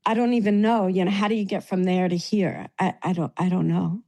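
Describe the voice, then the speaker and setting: Heartfelt New woman, mellow voice. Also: medium pitch, flat delivery, fairly quick. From New York. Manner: heartfelt, tearful at times, grateful. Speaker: meeting participant. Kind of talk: emotional sharing in a recovery meeting.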